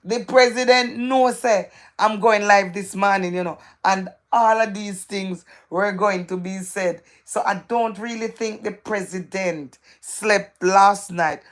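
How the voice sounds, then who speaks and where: A woman's voice: mid-range voice, steady tone, unhurried, few pauses. A woman hosting a live stream, reading viewers' comments aloud in a playful, gossipy way and repeating phrases for emphasis.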